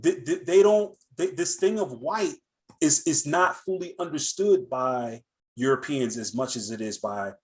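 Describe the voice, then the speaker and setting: A man's voice: a little high, a little slow. An American man hosting a casual talk show, rambling through a story with many fillers and restarts. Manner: rambling, lots of fillers and restarts, animated retelling. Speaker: host.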